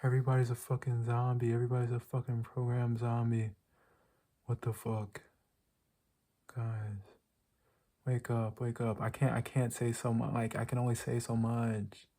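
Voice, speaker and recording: In a warm, monotone, mid-range voice at normal speed, a young man delivers a casual rant to his viewers. The vlogger rambles, swears and leans heavily on filler words.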